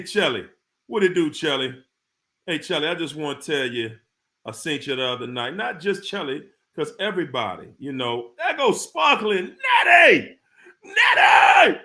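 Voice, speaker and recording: Hosting a livestream, a man with a fairly high, pushed and bright voice calls out viewers by name in chat shout-outs. He's hyped throughout and lets out the occasional whoop.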